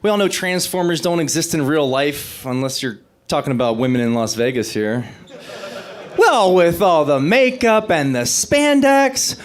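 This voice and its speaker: Animated, high-voiced young male comic. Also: moderate pace. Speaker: stand-up comedian. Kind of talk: stand-up set. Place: comedy stage with audience.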